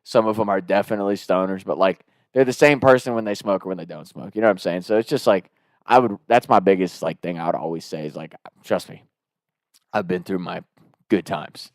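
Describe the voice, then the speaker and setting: A young man telling a party story in a casual, animated way, swearing and laughing often. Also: low voice, fast, dry recording, clean studio sound.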